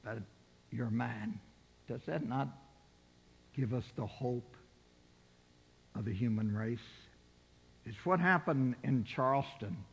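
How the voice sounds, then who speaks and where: An older man delivers a sermon at an unhurried, deliberate pace, his voice a little husky. He keeps putting questions to the congregation. His words ring out with the long reverb of a large hall. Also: medium pitch. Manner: asks the congregation rhetorical questions. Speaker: preacher.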